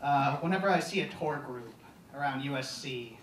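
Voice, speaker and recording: A young man doing a stand-up comedy set, deadpan and halting with many ums, on a live comedy stage. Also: mid-range voice, noisy background. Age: young adult. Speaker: student stand-up comic. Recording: echoey hall, distant mic, audience laughter.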